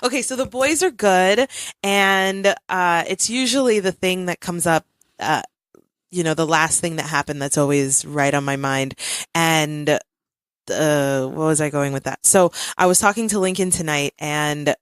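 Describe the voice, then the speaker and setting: A woman in her thirties hosts a casual podcast chat, telling a family story with lively swings and quick laughs. Her voice sits a little low. The sound is close and dry. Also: clear, resonant tone, dry recording. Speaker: podcast host.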